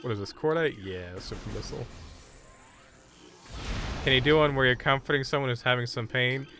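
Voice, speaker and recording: A man's voice: medium pitch, moderate pace, pushed and bright, faint music behind. A man streaming a game live, chatting casually and bluntly brushing off requests from chat. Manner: blunt, dismissive banter with chat.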